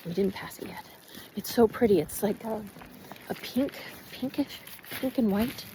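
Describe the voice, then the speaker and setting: A woman chatting casually while walking her dog outdoors, rambling and switching into halting German. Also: a little high, mellow, a little hiss or hum. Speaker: vlogger. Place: outdoors in a neighborhood.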